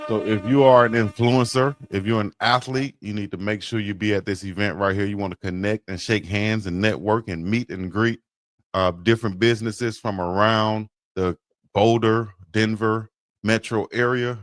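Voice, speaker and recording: A man co-hosting a casual sports talk show, animated and quick to laugh, often jumping into high voices for effect. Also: no echo. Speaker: co-host.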